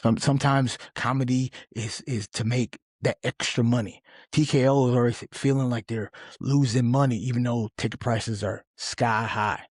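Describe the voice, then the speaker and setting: A middle-aged man hosts a casual podcast, rambling through his opinions with animated conviction. His voice is husky and slightly rough, sitting at an ordinary pitch. The sound is dry and close, with no room around it. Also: normal speed, no room sound. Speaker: podcast host. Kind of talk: casual sports commentary.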